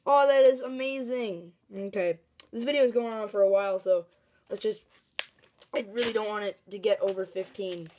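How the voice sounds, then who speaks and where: Excitable woman opening card packs. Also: mid-range voice, a little fast, slight background noise. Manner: excitable, chatty, bursts into shrieking excitement. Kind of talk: casual commentary while opening card packs.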